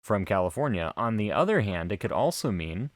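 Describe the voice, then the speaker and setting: A man's voice: on the low side, very animated, a little fast, no echo. An American man co-hosting a casual podcast chat, joking around and explaining things at length. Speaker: podcast co-host.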